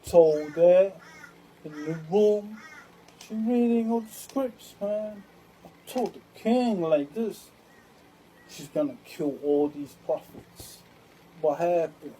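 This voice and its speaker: Woman, rambling monologue, slow drawl, lowish pitch, repetitive slang. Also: expressive, mellow, a little hiss or hum, poor audio. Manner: repetitive, street slang, chant-like repeats.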